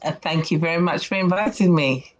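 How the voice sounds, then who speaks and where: A British woman answering interview questions in a measured, deliberate way. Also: lowish voice, muffled recording. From United Kingdom. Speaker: interview guest.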